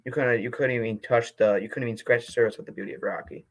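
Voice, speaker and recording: A young man reading movie reviews aloud in a casual vlog, passionate and quick to get indignant, then apologizing. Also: medium pitch, steady tone, poor audio.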